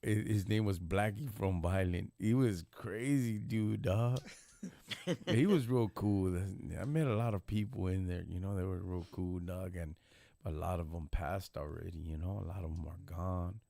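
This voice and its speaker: A live stream host speaks in casual street slang, blunt and preachy. He is a man with a very deep voice, recorded dry and close. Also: normal speed, creaky, mellow, dry recording. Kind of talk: casual chat.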